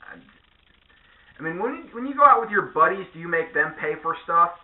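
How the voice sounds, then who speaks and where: A man delivering a sarcastic, profane vlog rant in a lively, animated way. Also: sits high, a little fast, reverberant, narrow, tinny audio. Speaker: vlogger. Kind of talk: ranting monologue.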